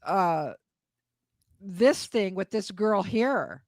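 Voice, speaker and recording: A woman's voice: mid-range voice, lively intonation, drawn-out words, darkish tone, no echo. Chatty gossiping woman host. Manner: chatty, gossipy, laughs along. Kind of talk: casual chat.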